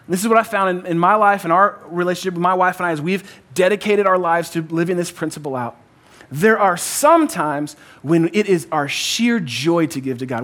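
High-voiced emphatic male preacher. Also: a bit bright. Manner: emphatic, repeats key phrases, calls for audience response; conversational, uses "like" and "kinda". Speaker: pastor. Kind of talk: sermon.

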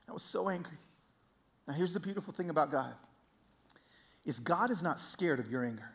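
High-voiced man preaching his testimony. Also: lively intonation, a little fast. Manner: emotional, swings from hushed to loud. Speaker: speaker giving a testimony. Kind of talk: sermon testimony.

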